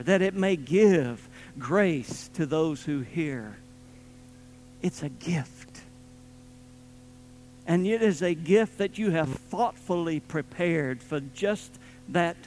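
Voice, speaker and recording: A man preaches a sermon in a high-pitched voice. He presses his points hard, then drops to quiet, low asides. Soft guitar music plays faintly underneath. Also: animated, takes it slowly, low-quality recording. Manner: emphatic, swings between loud emphasis and quiet low asides.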